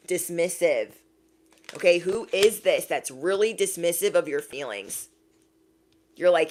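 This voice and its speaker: A chatty woman with a slightly low voice gives a casual tarot reading straight to her listeners. She keeps slipping into quick, exaggerated voices for the people she describes. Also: slight background noise. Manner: chatty, animated quoted voices, laughs at own jokes. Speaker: tarot reader.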